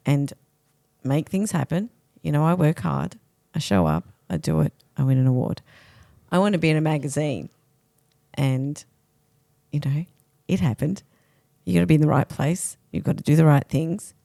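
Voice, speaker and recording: A woman chats as a podcast guest in a low voice, recorded close and dry. She talks earnestly, sprinkling her thoughts with "you know". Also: expressive, normal speed, creaky, pauses often, warm tone, dry recording. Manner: chatty, earnest, full of fillers. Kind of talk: casual podcast chat.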